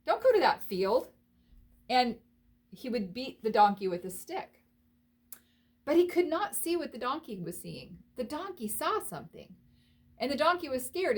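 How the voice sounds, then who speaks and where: High-voiced woman telling a Bible story. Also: normal speed. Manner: animated, expressive, talks directly to listeners. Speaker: Bible teacher.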